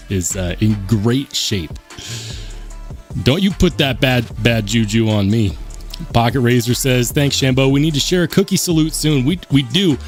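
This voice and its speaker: A man hosting a casual live stream, reading the chat aloud and joking about himself in a plain, unaccented voice. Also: mid-range voice. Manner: chatty, reads chat aloud, self-mocking.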